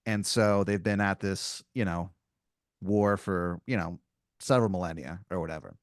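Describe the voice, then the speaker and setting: A man's voice: deep voice, normal speed, dry recording. A man hosting a comedy podcast, improvising a story with a playful, rambling, filler-heavy delivery on a close mic.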